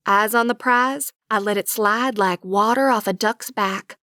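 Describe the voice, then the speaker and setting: A woman narrating a romantic comedy audiobook in first person, with wry, lively storytelling. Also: mid-range voice, measured pace, hardly any pauses, no echo, clean studio sound.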